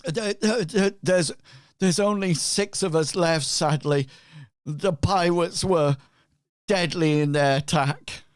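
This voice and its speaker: A man's voice: takes it slowly, no echo, clean studio sound. A man voicing a small nervous male gnome crewman who stammers. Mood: anxious. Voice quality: high stammering voice.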